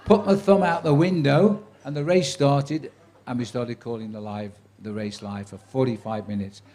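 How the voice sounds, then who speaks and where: His voice is mid-range and warm, moving at normal speed. In his 70s, the sports commentator entertains a live audience with career stories, a chatty, dry-witted raconteur who brings quoted voices to life.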